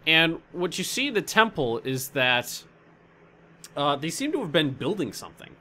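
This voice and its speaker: Bright-voiced male dungeon master. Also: on the high side, big pitch swings, normal speed, a little hiss or hum. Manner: rambling, restarts often, searches for words. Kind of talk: narrating a tabletop game.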